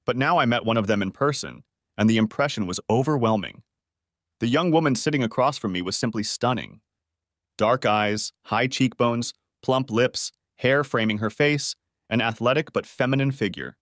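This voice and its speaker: A man's voice: mid-range voice, normal speed, a bit bright, dry recording, clean studio sound. A man narrating a first-person story in an earnest audiobook style.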